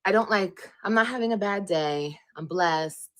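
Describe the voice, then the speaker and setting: A woman's voice: mid-range voice, normal speed. A pregnant woman ranting on a livestream, profane, repetitive and defiant. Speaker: livestreamer in a played clip.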